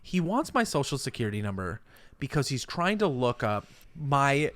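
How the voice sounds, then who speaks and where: A man co-hosting a podcast, telling anecdotes with wry, deadpan banter. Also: medium pitch, normal speed, no room sound. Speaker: podcast co-host. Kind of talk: casual podcast chat.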